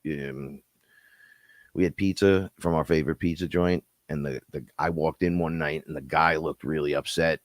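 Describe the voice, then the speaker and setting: A man's voice: fairly even intonation, moderate pace, no echo. A middle-aged man co-hosting a live stream, telling rambling stories with plenty of swearing. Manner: rambling storyteller, swears freely, acts out other people in high voices. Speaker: podcast co-host. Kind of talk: casual live-stream chat.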